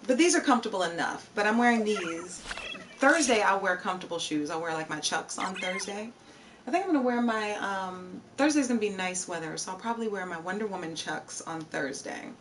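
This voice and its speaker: A woman's voice: mid-range voice, expressive, moderate pace, fairly bright tone, distant mic, slight background noise. A woman live streamer chatting casually and answering her viewers' chat messages. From Virginia, USA. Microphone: streaming setup.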